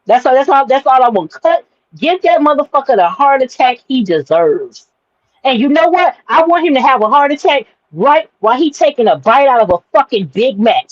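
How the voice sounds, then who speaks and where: A woman's voice: high-pitched, sing-song, normal speed, no room sound, highs cut off. A woman co-hosting a podcast in brash, profane casual chat, rambling and repeating herself. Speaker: podcast co-host.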